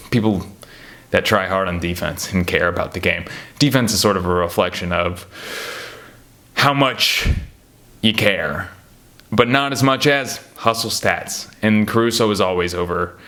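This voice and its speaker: A young American man chatting casually about basketball players, rambling and animated, laughing at his own stories. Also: low voice. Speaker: basketball commentator. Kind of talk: casual chat.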